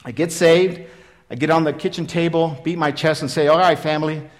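Earnest preacher man, slightly high voice. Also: fairly even intonation, a little fast. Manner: earnest, repetitive, swinging from loud emphasis to quiet. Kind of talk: sermon with personal testimony.

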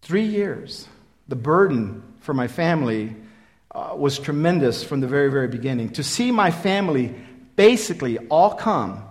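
A man in his fifties preaching a sermon, telling his own story in an earnest, repetitive way that swings from loud emphasis to quiet. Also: on the high side, sing-song, moderate pace. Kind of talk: sermon with personal testimony.

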